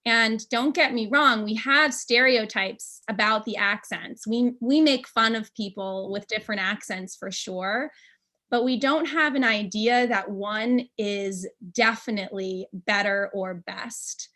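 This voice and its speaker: A woman's voice: medium pitch, measured pace, bright, forceful tone. An American woman, an English teaching expert, talking casually on a panel and thinking aloud with frequent ums. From United States.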